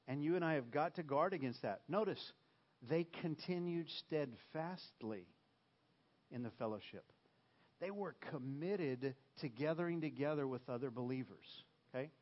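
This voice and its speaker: A man's voice: a little high, muffled recording. A man preaching a sermon as a pastor, talking in a conversational way and checking in with listeners with "okay?".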